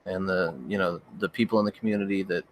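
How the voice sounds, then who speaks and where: Low, flat-voiced young man chatting. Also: quick pace. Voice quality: voice cracks and needs frequent throat-clearing. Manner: rambling, hesitant, with many restarts and fillers. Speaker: horror story narrator and channel host. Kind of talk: casual livestream chat.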